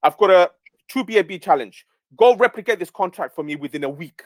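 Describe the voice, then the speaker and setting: Guy running a live q&a, kinda high voice, pushy, keeps saying okay?, dry close sound. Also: lively intonation, fairly quick, no room sound. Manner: emphatic, repeats "okay?" to check in. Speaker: project lead hosting a community Q&A. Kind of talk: casual live-stream talk.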